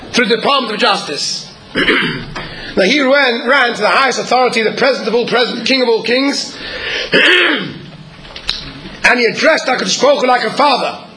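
A man, apparently a rabbi, giving an earnest sermon at a measured pace, pausing often and sometimes clearing his throat. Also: very high-pitched, bright, forceful tone, rough recording.

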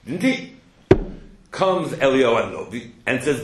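Guy giving a torah class, lively storyteller, keeps going "hello?", echoey room, bit of hiss. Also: mid-range voice, moderate pace. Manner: animated storyteller, asks "hello?" to prod listeners. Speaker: rabbi teaching a Torah class. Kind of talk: Torah lecture mixing English with Hebrew and Yiddish terms. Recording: echoey room with faint noise.

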